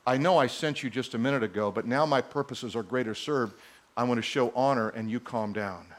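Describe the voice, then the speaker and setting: A preacher voicing God as a calm, firm male figure who speaks low and hushed. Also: fairly quick. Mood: calm command.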